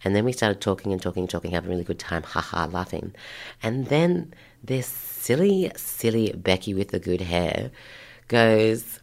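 A woman chatting as an interview guest, telling stories with lively acted-out voices. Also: very deep voice, normal speed, creaky. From Australia, of Haitian parents. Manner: lively storyteller who acts out voices. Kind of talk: casual interview chat.

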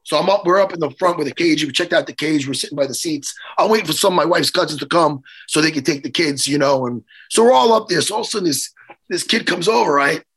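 Middle-aged New man, hoarse gravelly voice, animated high-pitched storyteller, casual podcast host. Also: fast. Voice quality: hoarse, worn voice. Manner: animated, profane, acts out quotes.

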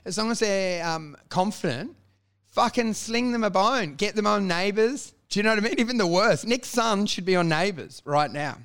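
A man's voice: high-pitched, normal speed, fairly bright tone, clear, resonant tone. A man chatting as a comedian on a casual podcast, swearing often and laughing through rambling banter. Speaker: comedian and co-host.

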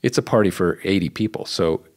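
Man, guest, relaxed chat, fairly low voice, playful storyteller. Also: fairly quick. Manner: chatty storyteller with playful bursts of energy. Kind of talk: casual chat.

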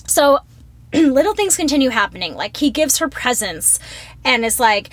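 A woman's voice: high-pitched, a little fast, no room sound. A woman co-hosting a podcast, retelling a film plot in casual chat and acting out the quotes. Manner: animated storyteller, acts out quotes. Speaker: podcast co-host.

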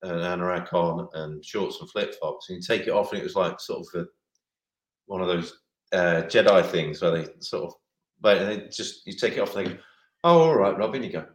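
A man's voice: sits low, fairly even intonation, normal speed. A middle-aged man, a former goalkeeper, telling rambling stories in casual chat, restarting sentences and acting out other people's lines. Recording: roomy echo.

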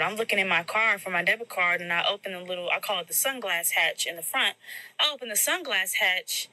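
A woman's voice: mid-range voice, bright, forceful tone, rough recording. A young woman telling a casual storytime vent about her boyfriend, blunt and swearing, acting out the people she quotes. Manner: blunt, swearing, exasperated retelling with quoted voices.

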